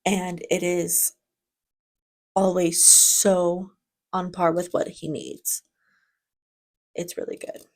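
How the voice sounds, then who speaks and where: A woman's voice: fairly low pitch, level tone, slow pace, pauses often. Chatty woman hosting a reaction video. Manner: chatty and enthusiastic, with frequent restarts. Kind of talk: casual reaction commentary.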